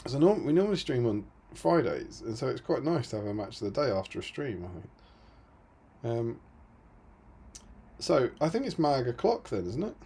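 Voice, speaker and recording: Male co-host from Britain, casual stream chat, slightly husky voice, dry self-mocking humour. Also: medium pitch, sing-song, normal speed, pauses often, dark tone. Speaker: co-host of a tabletop gaming stream.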